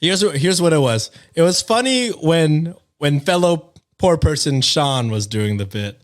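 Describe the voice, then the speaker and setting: A man's voice: on the high side, expressive, a little slow. A man co-hosting a podcast, joking around and apologizing with a self-deprecating laugh. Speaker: podcast co-host. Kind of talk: casual podcast chat.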